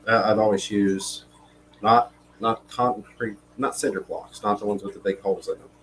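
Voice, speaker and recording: A man with a fairly low voice chats easily on a live show. He reads out viewer comments, and his talk is loose and full of fillers. There is a faint hiss behind him. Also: little pitch movement, normal speed, a bit bright, rough recording. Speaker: livestream co-host. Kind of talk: casual live-stream chat.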